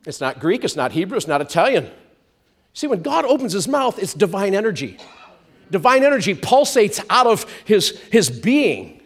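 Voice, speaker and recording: Male pastor, high and expressive, emphatic sermon with call-and-response. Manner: animated, drawn-out emphatic preaching with call-and-response.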